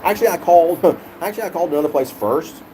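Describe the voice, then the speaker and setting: A man's voice: a little high, quick pace, slight background noise, low-quality recording. A man vlogger telling a rant-style story with heavy swearing and a lot of repetition. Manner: animated, profane, repeats himself.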